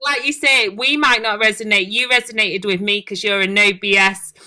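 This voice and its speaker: A woman's voice: mid-range voice, normal speed. A woman with a Yorkshire accent hosting a casual interview, chatty and playful. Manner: chatty, playful, warm sign-off patter. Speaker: host.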